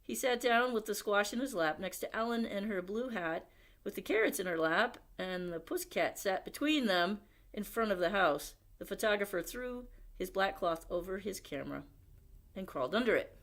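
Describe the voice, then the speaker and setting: A woman at a library reading a picture book aloud, expressive, with chatty asides to young listeners. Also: mid-range voice, moderate pace. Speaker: library storyteller.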